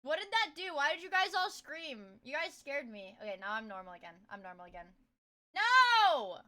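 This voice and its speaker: A woman streamer chatting casually with her viewers, giggly and excitable. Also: high voice, quick pace. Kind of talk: casual live-stream chat.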